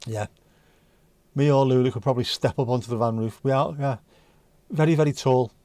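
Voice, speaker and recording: A man's voice: mid-range voice, a little fast, mellow, dry recording. A man from North West England, hosting a casual livestream and bantering with chat comments. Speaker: livestream host.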